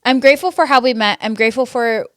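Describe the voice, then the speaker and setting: A woman's voice: on the high side, fast, dry recording, studio quality. A woman hosting a casual chat, chiming in with supportive affirmations. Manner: supportive, warm affirmations like "period". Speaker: podcast host.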